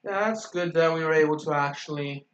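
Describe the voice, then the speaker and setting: A man's voice: a little high, a little fast, fairly bright tone, highs cut off, a little hiss or hum. Rambling gamer man in an echoey room. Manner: rambling, self-correcting, stutters. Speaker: gaming YouTuber. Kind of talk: casual gameplay commentary. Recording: roomy echo.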